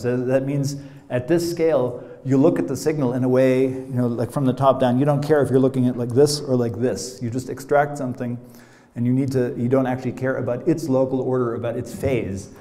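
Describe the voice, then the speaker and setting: A middle-aged American man lectures in a roomy hall, his voice mellow and dark. He talks loosely and playfully, dropping casual asides as he explains. The room gives his voice a clear echo. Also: mid-range voice. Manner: conversational, many "you know" asides, playful. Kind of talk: academic lecture.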